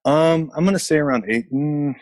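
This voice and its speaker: A man's voice: on the high side, normal speed, a little mellow. A middle-aged man from Memphis, telling stories as a guest in a loose, rambling way with lots of fillers. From Memphis, Tennessee. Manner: rambling, laid-back, many fillers and restarts. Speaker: actor guest. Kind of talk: casual storytelling interview. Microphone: remote call from a basement.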